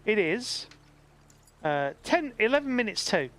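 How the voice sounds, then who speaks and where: A man's voice: high-pitched, very animated, measured pace, a bit bright. A man hosting a game stream, coaching a blind player and chatting with viewers in an encouraging, laughing way. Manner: encouraging, chatty, reads out chat, laughs often. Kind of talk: casual game stream chat. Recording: faint background noise.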